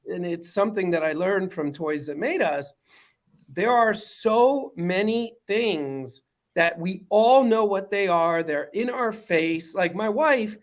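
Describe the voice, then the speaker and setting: A man with a New York accent, a documentary director talking as a guest on a video call, animated and joking. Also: high voice. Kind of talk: casual video-call interview.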